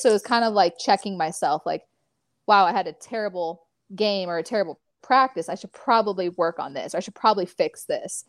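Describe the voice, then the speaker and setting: A woman in her twenties from California, an athlete chatting casually as an interview guest, talking in animated stories full of fillers. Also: medium pitch, fairly quick, no room sound, clean studio sound.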